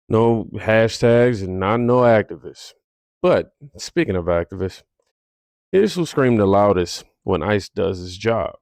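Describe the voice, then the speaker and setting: A man hosts a reaction commentary in a low, gravelly voice. He makes sarcastic remarks between clips. The sound is dry and close to the mic. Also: darkish tone, no echo. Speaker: commentary host.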